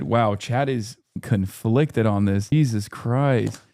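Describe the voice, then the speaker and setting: A man hosts a livestream, chatting casually with his viewers in a sardonic tone. His voice is mid-pitched and recorded close on a streaming mic. The sound is dry, with no room echo. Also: lively intonation, a little slow, darkish tone. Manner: sardonic, talking to chat. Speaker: livestream host reacting to chat. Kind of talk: casual chat.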